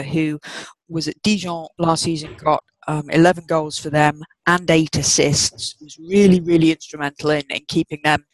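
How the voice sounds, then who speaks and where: A man giving casual football analysis on a podcast, often pausing and repeating words as he builds his point. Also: a little high, a bit bright, no echo, rough recording. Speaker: football pundit.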